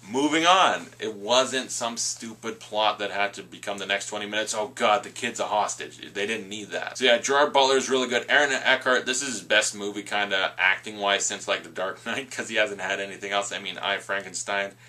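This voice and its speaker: A man's voice: fairly low pitch, fairly even intonation, sharp tone. A man giving a casual, rambling movie review full of asides. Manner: chatty, rambling with asides and quick impressions.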